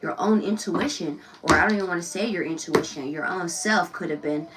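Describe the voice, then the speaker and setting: A woman's voice: fairly low pitch, brisk, recorded from a distance, very noisy. Chatty, blunt woman reading tarot. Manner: loose, chatty and blunt, swears freely, laughs often. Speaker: tarot reader.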